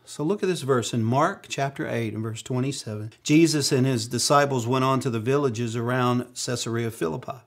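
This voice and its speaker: A man's voice: mid-range voice, a little fast, hardly any pauses. A middle-aged man preaching a sermon as pastor, mixing humorous personal stories with acted-out quotes.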